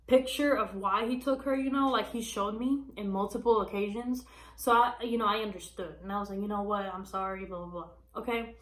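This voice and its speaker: A woman vlogger chats to her viewers, calling them y'all and filling her story with "you know what I mean". Her voice sits a little high, and the room around her rings with a noticeable echo. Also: a bit bright. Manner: chatty, addresses viewers as y'all, many fillers. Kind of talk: casual storytelling to camera. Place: small room at home.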